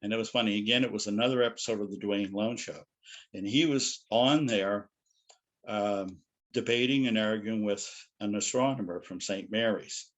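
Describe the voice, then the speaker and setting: A man's voice: fairly low pitch, normal speed. A middle-aged man telling anecdotes as a guest speaker in a loose, rambling way. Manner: rambling, anecdotal, frequent "you know". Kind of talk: casual storytelling lecture.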